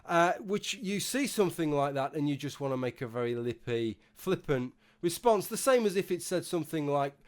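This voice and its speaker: A man's voice: a little high, expressive, normal speed, few pauses. A man giving a rambling, sarcastic, sweary commentary monologue as a YouTube vlogger.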